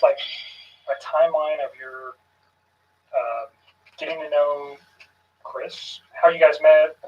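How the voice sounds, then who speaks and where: A man questioning someone in a recorded police interview, calm and measured with frequent pauses. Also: fairly high pitch. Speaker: police investigator. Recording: muffled, distant room recording.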